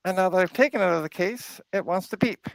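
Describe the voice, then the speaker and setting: With crowd noise in the background, a Canadian woman talks through her tinkering on a casual live stream from her workbench at home. Her lowish voice is gravelly and quick, and her chatter is playful.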